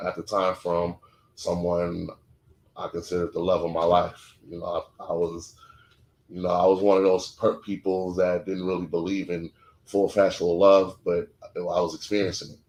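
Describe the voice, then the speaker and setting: Male podcast co-host, low register, candid and profane, clipped emotional storytelling, roomy echo. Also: a little mellow. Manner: blunt, profane and emotional, short clipped sentences. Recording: echoey room.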